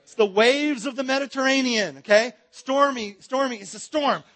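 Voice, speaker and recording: A man's voice: extremely high pitch, normal speed, fairly bright tone. A man teaching a Bible seminar in a church, joking with and directing his audience.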